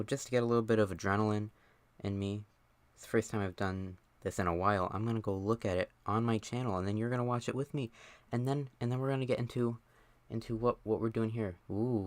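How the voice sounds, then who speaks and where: A young man on a casual live stream sounds out of breath as he rambles, pokes fun at himself, and leans heavily on fillers. His voice sits on the low side, and the recording has no echo.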